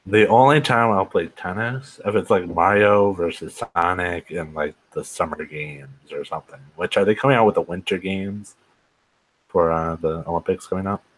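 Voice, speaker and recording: A man with a very low, deep voice chats casually as a podcast co-host. He tosses out quick, playful quips and keeps the talk light. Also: poor audio. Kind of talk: casual chat.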